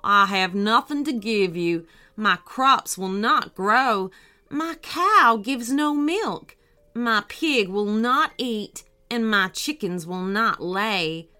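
Woman voicing a weary middle-aged farmer, storybook; slow, mournful, bright and swooping. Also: medium pitch, expressive, clean tone, soft background music. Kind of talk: children's storybook reading.

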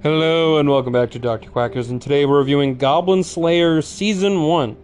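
A man's voice: fairly high pitch, moderate pace, a little mellow, faint music behind. Casual swearing man reviewing anime. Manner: rambling, swears freely, many "like" fillers and restarts. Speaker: anime reviewer, channel host.

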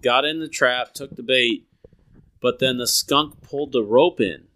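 A man's voice: medium pitch, a little slow, pushed and bright. A man co-hosting a casual podcast chat, telling stories in a loose way with lots of filler words. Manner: rambling storyteller, lots of "like" fillers. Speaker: podcast co-host.

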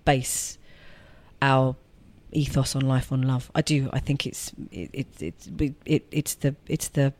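A middle-aged actress chats warmly as a guest on a casual podcast interview, often restarting and correcting herself mid-sentence. Her voice is a rumbling low with a level tone and measured pace, in a dry recording.

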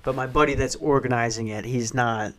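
A man's voice: medium pitch, steady tone, a little fast, a bit bright. A man in his twenties hosting a podcast alone from a small back office, rambling and swearing, laughing at his own jokes. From western Pennsylvania. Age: 20s. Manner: profane, rambling, laughing at himself. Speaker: podcast host. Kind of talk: casual podcast rant.

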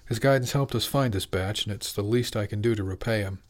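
A man's voice: fairly low pitch, fairly quick, natural voice. A man voicing a grinning, weathered fisherman who talks in a folksy, chuckling way in an audiobook. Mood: cheerful. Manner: chuckling, folksy, says "laddie". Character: kindly weathered fisherman, older man, cheerful.

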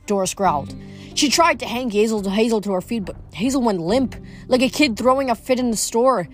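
A woman reading a novel aloud, expressive, with small slips now and then. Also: mid-range voice, normal speed, faint music behind. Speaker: audiobook reader.

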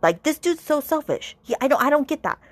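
A woman's voice: high-pitched, sing-song, a little fast, dry recording. A woman hosting a podcast, chatting casually about a novel, retelling scenes in quoted voices with lots of "like" and exasperated asides. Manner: frequent "like" fillers, exasperated asides. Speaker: podcast host. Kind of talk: casual book review chat.

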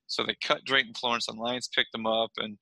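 A man's voice: medium pitch, level tone, fairly quick, vocal fry, sharp tone, dry recording, low-quality recording. A man hosting a sports podcast, leading the talk and making blunt, jokey put-downs of players. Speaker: podcast host. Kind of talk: casual sports chat.

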